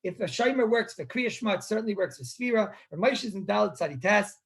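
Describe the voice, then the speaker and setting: Rabbi, man, throat-clearing online class. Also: high-pitched, animated, quick pace. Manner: conversational, repeats words, clears throat often. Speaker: rabbi teaching Jewish law. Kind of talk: live online Torah class.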